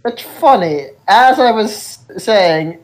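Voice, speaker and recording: Slow, laid-back male co-host. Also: high-pitched, expressive. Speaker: podcast co-host. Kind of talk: casual chat.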